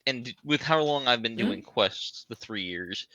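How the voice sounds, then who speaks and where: A man's voice: medium pitch, lively intonation, measured pace, pushed and bright, muffled recording. A man taking part as a player in a tabletop game, talking plainly and bargaining in character.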